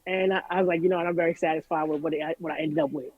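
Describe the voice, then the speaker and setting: Speaking racingly in a low voice, this woman, a music artist from Jamaica, gives a chatty, candid remote interview and quotes people with animated impressions. The recording is dry, narrow and tinny.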